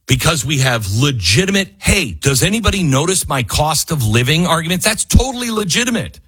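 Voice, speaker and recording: Man, radio host, husky voice, swinging pitch, fiery, exasperated, studio mic. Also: big pitch swings, a little fast, hardly any pauses. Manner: rising to near-yelling, fiery and exasperated. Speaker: radio talk show host. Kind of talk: impassioned political monologue. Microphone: studio microphone.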